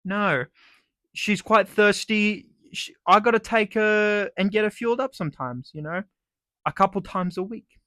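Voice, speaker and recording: A man's voice: high voice, measured pace, sharp tone, no room sound, clean studio sound. A young man with an Australian accent delivering a sarcastic, sweary comedic rant. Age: young adult. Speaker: vlogger.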